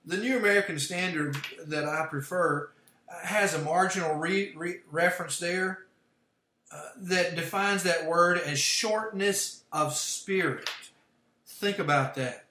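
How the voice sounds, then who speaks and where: A man's voice: high-pitched, measured pace, sharp tone. A man leading a livestreamed Bible study, explaining word meanings step by step. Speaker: Bible teacher. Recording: echoey room.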